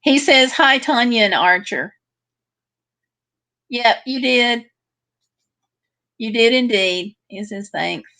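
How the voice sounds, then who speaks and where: A woman's voice: fairly high pitch, slow, pauses often, pushed and bright. Chatty woman reading out viewer comments. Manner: chatty, reads out viewer comments and answers them. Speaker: livestream host. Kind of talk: casual livestream chat reading viewer comments.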